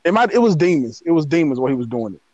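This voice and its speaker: A man's voice: a little high, big pitch swings, racing, darkish tone, no room sound, lo-fi sound. A man co-hosting a casual music review chat, blunt and dismissive in a loose slangy way.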